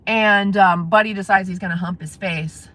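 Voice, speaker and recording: A woman's voice: mid-range voice, steady tone, moderate pace, fairly bright tone. A woman live-streaming from her car, chatting casually with viewers and laughing often. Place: in a parked car.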